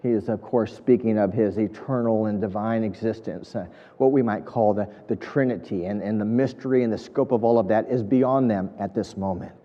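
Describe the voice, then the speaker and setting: A man's voice: on the low side, brisk, hardly any pauses, long reverb tail, highs cut off. A man preaching an earnest, emphatic sermon, building points through repetition. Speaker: pastor.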